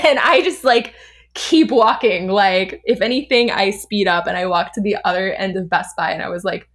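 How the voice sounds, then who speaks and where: A woman in her thirties from Southern California talks as a podcast guest. Her voice sits at an ordinary middle pitch. She tells a story in a chatty, animated way, laughs often and scatters fillers through her sentences. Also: normal speed. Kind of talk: casual storytelling.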